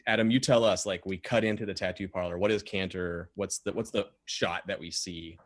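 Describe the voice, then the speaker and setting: A man's voice: low voice, fairly quick. A man running a tabletop game, chatting casually with fillers. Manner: relaxed, rambling, frequent fillers.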